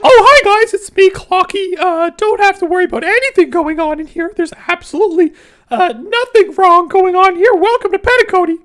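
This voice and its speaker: A man doing a very high-pitched impression of a male clock mascot who cheerfully insists nothing is wrong, stammering nervously through his welcomes. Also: moderate pace, fairly bright tone, soft background music. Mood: nervous cheer. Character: chirpy male clock mascot hiding trouble. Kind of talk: livestream impression.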